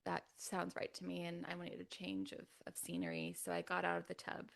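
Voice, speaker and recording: Telling her birth story as a podcast guest, this Californian woman speaks a little fast with a lowish, creaky voice and big swings in pitch. She's chatty and soft-spoken, slipping into a near-whisper often, laughing, and saying "like" a lot.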